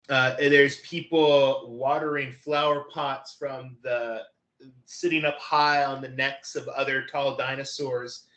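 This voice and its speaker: A man narrating a tabletop game as game master, describing scenes in a halting way with many fillers. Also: medium pitch, fairly bright tone, reverberant, low-quality recording.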